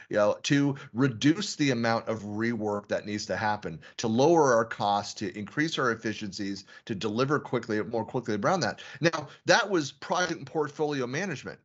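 A male podcast host with a lively, swinging pitch builds his points in long, animated runs. The audio is muffled and lo-fi, like an online call. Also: slightly rough. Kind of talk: casual conversational interview.

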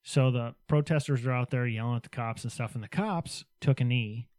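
A man's voice: medium pitch, brisk, darkish tone, no echo, studio quality. A man co-hosting a casual political talk show, chatting wryly and hedging his points. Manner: wry and chatty, with hedging asides. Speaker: podcast co-host.

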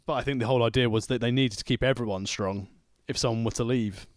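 A man's voice: mid-range voice, steady tone, fast, no echo. A man co-hosting a casual podcast, chatting about old wrestling with dry wisecracks. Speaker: podcast co-host.

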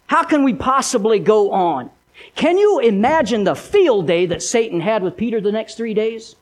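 A male pastor preaching a sermon in a dramatic storytelling way, swinging between loud emphasis and hushed, low lines. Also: lively intonation, normal speed.

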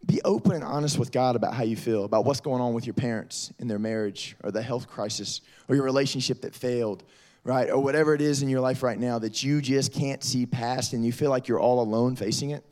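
A brisk man with a mid-range voice preaches to middle schoolers as their youth pastor. He tells stories in a lively way and calls the kids "y'all" throughout this youth sermon.

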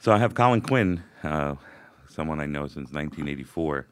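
Very deep-voiced older Brooklyn man host. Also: lively intonation, no room sound. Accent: faded Brooklyn. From Brooklyn, New York. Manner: rambling, halting with many uh and um. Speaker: podcast host. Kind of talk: casual interview chat.

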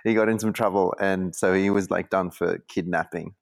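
A man's voice: low voice, steady tone, moderate pace, gravelly. Rambling young Australian man telling a story. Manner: rambling, full of likes and restarts. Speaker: guest. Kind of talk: casual storytelling.

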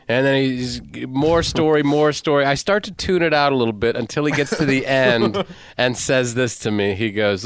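Easygoing man with a smooth voice. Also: mid-range voice, moderate pace, no room sound. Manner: relaxed, easygoing, uses fillers. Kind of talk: casual storytelling chat.

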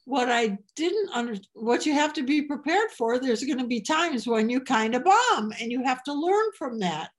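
A woman comedian talking casually in an interview, halting and restarting as she tells her story. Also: sits high, animated. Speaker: comedian guest.

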